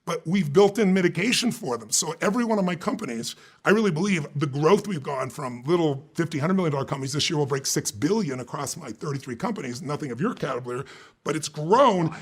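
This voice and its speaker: A man from the United States, telling an anecdote in an emphatic, lively way during an interview, acting out the dialogue he quotes. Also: fairly high pitch, breathy edge. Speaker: guest, business speaker. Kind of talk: animated storytelling in conversation.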